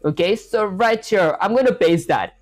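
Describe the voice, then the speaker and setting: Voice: medium pitch, lively intonation, moderate pace, dry recording, faint music behind, poor audio. Chatty live coder narrating each step. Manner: talks through each step, leans on "honestly" and "that said". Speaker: streamer learning to code live. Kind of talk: live coding stream, reading chat aloud.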